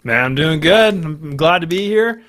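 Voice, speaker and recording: A Canadian man co-commentating an esports tournament in a casual, quick way. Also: fairly high pitch, animated, a bit bright. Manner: quick, casual, uses "uh" and "honestly".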